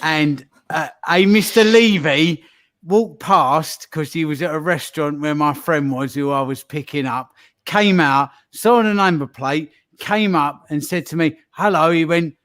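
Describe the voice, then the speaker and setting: A man telling an unhurried anecdote as a guest on a stream. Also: on the high side, fairly bright tone. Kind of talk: casual anecdote.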